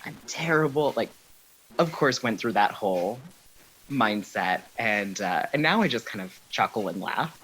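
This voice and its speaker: A man speaking as a guest in a relaxed interview, telling stories at an unhurried pace with plenty of fillers. A faint hiss sits under the recording. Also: on the low side, rough recording. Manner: relaxed storytelling with frequent fillers. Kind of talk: casual interview chat.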